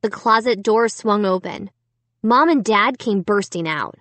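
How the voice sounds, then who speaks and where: A woman's voice: mid-range voice, a little slow, a bit bright, no echo. A woman narrating a children's horror book in the first person, reading steadily and with suspense. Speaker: audiobook narrator.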